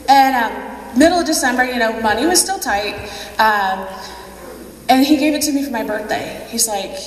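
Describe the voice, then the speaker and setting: This convention speaker, a woman with a fairly high voice, shares a personal story at normal speed in a chatty, self-mocking way, laughing as she goes. The recording comes from a large, echoey convention hall through a distant mic, with a bit of hiss or hum.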